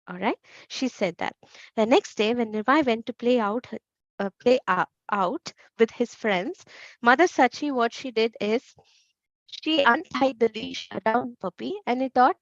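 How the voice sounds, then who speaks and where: A woman teaching a children's class, telling a story and asking the kids questions in an animated way. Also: on the high side, a little slow, dry recording, lo-fi sound.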